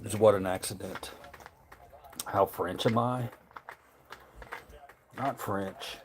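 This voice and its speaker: A man's voice: fairly low pitch, steady tone, slow, background noise. Southern-accented man rambling on a livestream. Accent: Southern US, Tennessee. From Memphis, Tennessee. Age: adult, married. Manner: rambling, profane, reads viewer chat aloud. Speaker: livestream host. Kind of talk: casual livestream chat.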